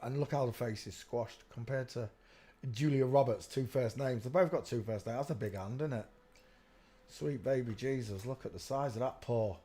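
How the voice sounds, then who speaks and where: A man's voice: medium pitch, moderate pace, dark tone. Rambling man hosting a live stream. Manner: rambling, keeps saying "look" while pointing at pictures. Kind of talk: casual live stream commentary.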